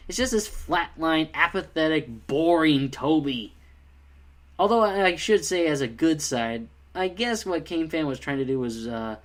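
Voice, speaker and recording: A man's voice: fairly high pitch, a bit bright. A man giving a casual spoken review of a fan film, rambling and critical with many fillers.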